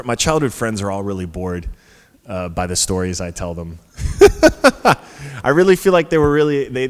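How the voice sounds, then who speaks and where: A man telling a story on a conference stage in a casual, chatty way, full of fillers and restarts. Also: deep voice. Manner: chatty, lots of fillers and restarts, laughs at his own story. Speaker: panel guest. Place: conference stage before an audience. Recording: hall reverb from a live stage.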